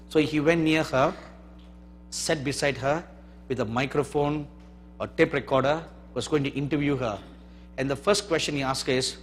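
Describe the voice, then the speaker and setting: A man preaching a sermon, moving between hushed storytelling and loud emphatic declarations, recorded in a large church hall. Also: medium pitch, slight background noise. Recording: long hall reverb.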